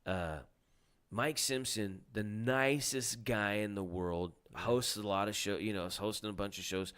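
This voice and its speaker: A man's voice: lowish voice, unhurried, smooth. A man co-hosting a casual chat show, telling stories with lots of swearing and acting out the people in them. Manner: animated storyteller, swears a lot, acts out quotes loudly. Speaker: podcast co-host, comedian.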